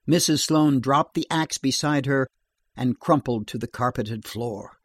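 Slow, measured male horror narrator. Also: medium pitch, husky, no echo.

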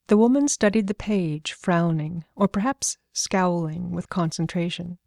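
Woman reading a story aloud, low and dry. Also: normal speed, creaky, few pauses, darkish tone, dry recording. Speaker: narrator. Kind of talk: audiobook narration.

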